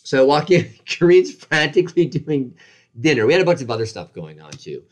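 Speaking a little fast at a medium pitch, a man in his forties recounts his own injuries in an animated, self-deprecating way. It's a casual conversation, and he performs the voices of the other people in his story.

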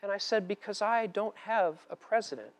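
Male pastor, animated sermon delivery, big loud peaks and soft asides, some humor. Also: high voice, normal speed. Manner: animated preaching, swinging from loud declarations to quiet asides, with humor.

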